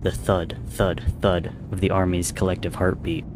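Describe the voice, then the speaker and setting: A man reading a fan-written story aloud, narrating in a steady, measured way. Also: sits low, over music.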